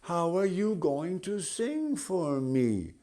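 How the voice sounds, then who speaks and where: A man's voice: high voice, very animated, takes it slowly, mellow, voice pushed up, heavily acted. A man voicing a vain little female butterfly in a storybook tale, speaking coy and sing-song. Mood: teasing.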